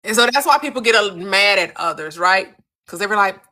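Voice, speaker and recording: A woman's voice: mid-range voice, sing-song, moderate pace, pushed and bright. A woman hosting a live-stream about manifestation, talking animatedly to her viewers, repeating her questions for emphasis and acting out little quoted scenes. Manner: addresses viewers by name. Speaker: manifestation coach and host. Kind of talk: live-stream teaching chat.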